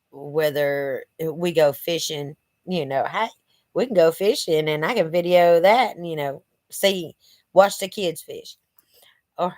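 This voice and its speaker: Low-voiced woman rambling to her channel from her living room, slow, stuffy from allergies, dry close sound. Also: darkish tone, no echo. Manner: rambling, many "you know" fillers, earnest. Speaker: channel host. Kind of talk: casual direct-to-camera vlog.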